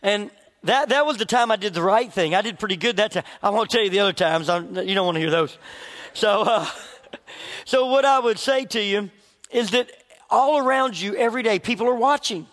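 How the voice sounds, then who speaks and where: High-voiced pastor in a reverberant hall. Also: male voice, normal speed, fairly bright tone. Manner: conversational, asks the congregation questions. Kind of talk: sermon with storytelling.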